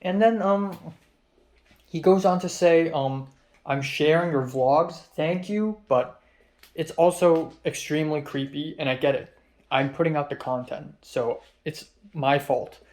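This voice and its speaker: A man's voice: on the high side, unhurried, darkish tone. A young man from Hong Kong vlogging in a casual, rambling rant, swearing a lot and restarting his sentences. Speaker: YouTube vlogger.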